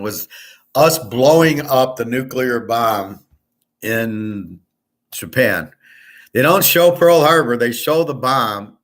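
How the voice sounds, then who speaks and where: Man, middle-aged, from the US, casual rambling talk, blunt, swears a lot, indignant, medium pitch. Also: a bit bright. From United States. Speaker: sports betting show host.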